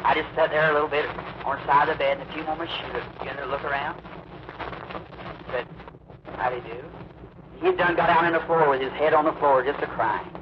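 A man's voice: a little high, steady tone. Man preaching on a muffled old tape. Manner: drawn-out, emphatic storytelling with acted quotes. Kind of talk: sermon storytelling. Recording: muffled old recording, faint hiss.

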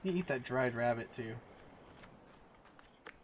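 A man giving casual let's-play commentary, quietly muttering to himself as he builds and crafts. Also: medium pitch, unhurried, slight background noise. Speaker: gameplay commentator.

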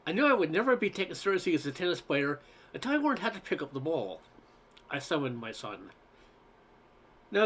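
A man reading a humorous essay aloud in a wry, expressive storytelling manner. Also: a little high.

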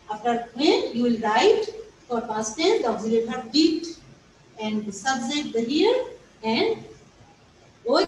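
A woman with a high but somewhat dark voice teaches English grammar to young learners, patiently repeating each step. She has a Bangladeshi English accent and Bengali is her native language. The recording picks her up from a distance in an echoey room, with slight background noise.

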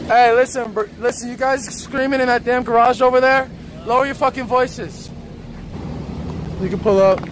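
A man's voice: very high-pitched, steady tone, moderate pace. A young man livestreaming outdoors on a city street, brash and crude as he teases strangers. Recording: loud street and traffic noise.

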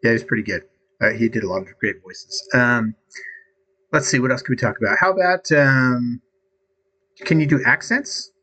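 A man's voice: mid-range voice, normal speed, pauses often, bright, forceful tone, breathy edge, poor audio. A man casually testing a voice assistant, talking hesitantly with ums and restarts. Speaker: user testing an AI voice app. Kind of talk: casual chat.

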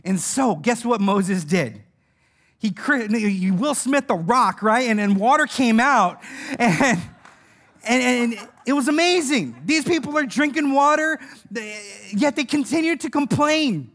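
A man with an extremely high voice preaches a sermon at a measured pace, animated and joking. He laughs while telling stories and acts out the voices of those he quotes.

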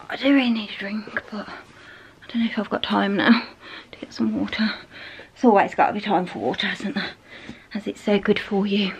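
A woman's voice: medium pitch, background noise. A woman, chatting to the camera at home while doing chores. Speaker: vlogger, mother. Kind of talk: casual vlog chat. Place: family home.

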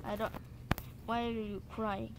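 A woman's voice: mid-range voice, flat delivery, a little slow, background noise. A woman commentating her game play in a playful way, repeating lines and yelping out now and then. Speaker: gaming channel host.

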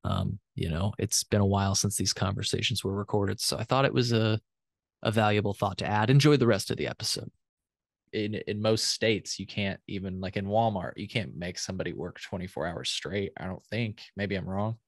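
Low-voiced rambling male podcast host. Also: fairly quick, gravelly, no room sound, clean studio sound. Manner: rambling, self-correcting, hedging. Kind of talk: conversational interview and recorded aside.

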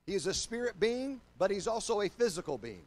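An older man, a pastor, preaching a sermon to his congregation and online viewers, moving from loud emphatic declarations to low, slow confiding passages. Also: sing-song.

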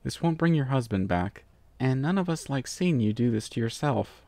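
A man's voice: mid-range voice, lively intonation, moderate pace, gravelly, warm tone, no echo. A man voicing a curt, dismissive university dean, read out as a letter in a storybook reading.

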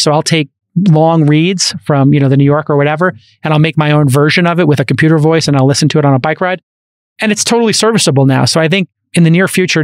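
A man with a Brooklyn accent hosting a podcast interview, talking in an animated, rambling way full of fillers and restarts into a studio microphone. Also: a little high, no echo. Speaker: podcast host. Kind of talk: casual interview chat.

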